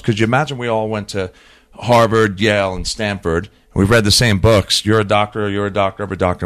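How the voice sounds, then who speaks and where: A man on a podcast, talking casually as an animated storyteller who often repeats and restarts his words. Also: lowish voice. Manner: animated storyteller who acts out quoted dialogue. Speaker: podcast guest. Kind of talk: casual conversation.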